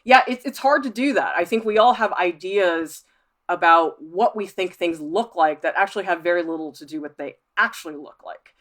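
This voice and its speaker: A woman art professor hosting a livestream, reading viewer comments aloud and chatting back in a lively, laughing way. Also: fairly low pitch, moderate pace. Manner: chatty, animated, laughs often.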